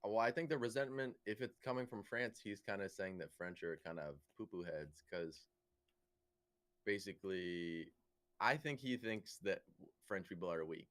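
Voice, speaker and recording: A man's voice: fairly low pitch, normal speed, fairly bright tone. A young man co-hosting a casual comedy podcast, laid-back and joking crudely. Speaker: podcast co-host.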